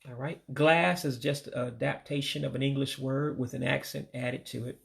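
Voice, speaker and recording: Male from the US, gravelly voice, runs a casual vocab lesson, slow patient repetition of each word. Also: medium pitch, fairly even intonation. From United States. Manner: religious sign-offs. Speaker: language learner teaching vocabulary.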